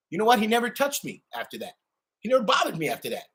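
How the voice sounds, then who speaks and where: Animated, ranting man with a lively pitch. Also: very fast. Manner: animated, profane, swings between loud and low. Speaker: channel host. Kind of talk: ranting monologue.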